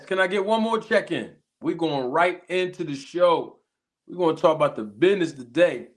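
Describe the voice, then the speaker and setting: Philly man hyping his livestream chat. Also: a little high. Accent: Philadelphia. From Philadelphia. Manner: hype call-and-response shout-outs, drawn-out catchphrases. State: a little sick. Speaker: livestream host. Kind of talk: casual livestream chat greeting viewers.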